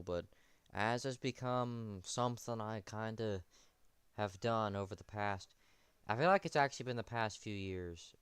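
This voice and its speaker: A man's voice: fairly low pitch, unhurried, a bit bright, smooth, no echo. A young man streaming early in the morning, tired with a morning voice, rambling and correcting himself as he tells a story. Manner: rambling, self-correcting, sleepy.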